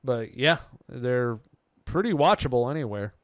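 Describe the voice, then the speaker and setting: A man co-hosting a podcast tells stories in casual chat, laughing often and slipping into the voices of the people he quotes. His voice is smooth and clear, picked up close and dry with no room sound. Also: mid-range voice, lively intonation, a little slow, no echo. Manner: laughing storyteller, acts out quotes. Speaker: podcast co-host.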